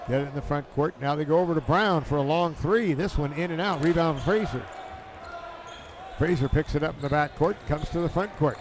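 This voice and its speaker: Excitable basketball play-by-play man, noisy feed. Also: fairly high pitch. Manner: excitable, calls plays in quick bursts. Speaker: play-by-play announcer. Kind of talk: live basketball commentary.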